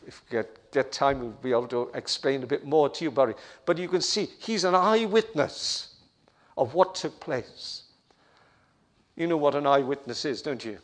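A man's voice: medium pitch, expressive, moderate pace. A man preaching a sermon with emphatic, building repetition, asking the listeners direct questions.

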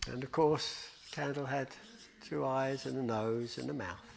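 A man's voice: mid-range voice, steady tone, moderate pace, creaky. A man telling a children's story at a church service, narrating expressively and dramatically.

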